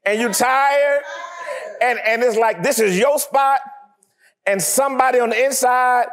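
A man preaching a sermon, acting out little scenes with laughter and sudden shouts. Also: very high voice, a little slow. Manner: animated, acts out scenes, laughs often. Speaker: pastor.

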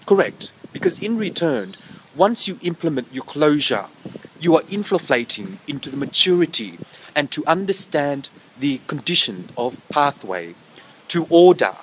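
A man's voice: on the high side, sing-song, normal speed, a little hiss or hum, low-quality recording. A man talking to camera outdoors, rambling through invented technical jargon and stopping often to correct his own words. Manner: rambling, self-correcting, meows between phrases. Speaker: vlogger. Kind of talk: rambling pseudo-technical monologue. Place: outdoors in wind.

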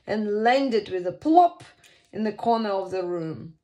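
A woman reading a children's picture book aloud at storytime, with an expressive, sing-song delivery and dramatic pauses. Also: mid-range voice, creaky.

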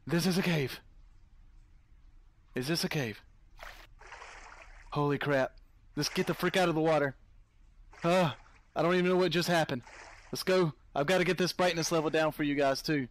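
A man's voice: a little high, moderate pace, pauses often. A man giving casual let's-play commentary, chatting to his viewers and easily startled into yelps and laughs. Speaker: gameplay commentator.

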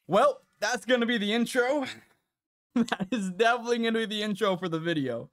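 A man streaming a hunting game live, chatting to viewers and reacting out loud to what happens on screen. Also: high-pitched, moderate pace. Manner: chatty, reacts loudly with laughs and gasps. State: out of breath at times. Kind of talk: live gameplay commentary.

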